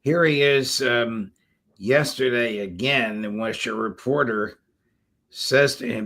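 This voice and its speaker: A man's voice: medium pitch, slow, a bit bright. A male host of a political interview show, making indignant and sarcastic asides.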